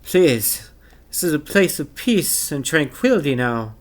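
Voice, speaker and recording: A man playing a cool, calm king. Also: on the high side, measured pace. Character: calm dignified male king.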